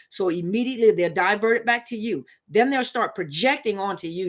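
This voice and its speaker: A woman hosting a casual live stream, speaking in a conversational, emphatic way and repeating her points to drive them home. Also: medium pitch. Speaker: live-stream host on relationships.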